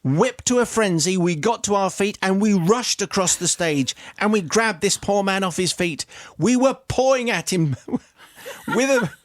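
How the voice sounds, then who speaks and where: A man's voice: high-pitched, animated, a little slow, dry recording, studio quality. A British man hosting a radio show, reading out a listener's confession with amused, theatrical storytelling. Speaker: radio host. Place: radio studio. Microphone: studio microphone.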